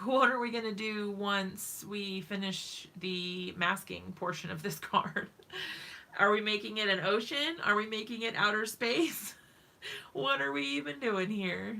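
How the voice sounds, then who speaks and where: Woman, live-stream craft host, casual and giggly with the chat; bright voice, vocal fry. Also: medium pitch. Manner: chatty, giggly, talks to viewers in chat.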